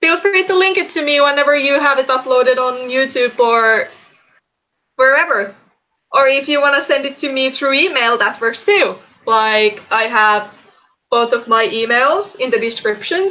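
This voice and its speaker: A woman's voice: sits high, normal speed, pushed and bright, dull audio. A woman streaming live, chatting casually, greeting viewers and answering their comments. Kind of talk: casual livestream chat.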